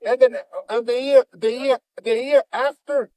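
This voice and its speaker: Animated man in broken English. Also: very high voice, a little slow, no room sound. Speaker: jiu-jitsu master, guest. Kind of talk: storytelling in conversation.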